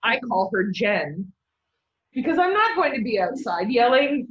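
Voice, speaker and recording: A woman instructor lectures to a class, slipping into personal anecdotes and laughing easily. Her voice sits fairly high and comes across chatty and animated. The recording is dull and roomy, picked up from across the classroom. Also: unhurried. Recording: roomy, dull sound from a distant mic.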